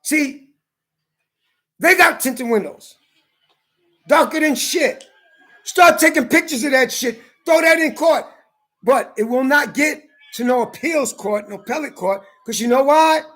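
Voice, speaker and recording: A man, telling an angry, profane story and ranting, shouting at times. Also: extremely high pitch, measured pace, long pauses. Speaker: ranting commentator. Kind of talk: angry personal rant and storytelling.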